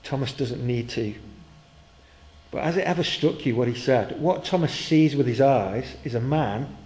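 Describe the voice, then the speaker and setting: A man preaching a sermon. He retells the story with energy, asks his listeners questions, and rises in pitch and volume at the exciting parts. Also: moderate pace, rough recording. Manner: storytelling, growing loud and high when excited.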